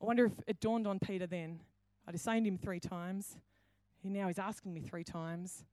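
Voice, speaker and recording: A woman pastor, preaching a sermon with animated storytelling and acted-out dialogue. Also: mid-range voice, moderate pace, no room sound. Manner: animated storytelling, acting out quoted voices. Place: church hall.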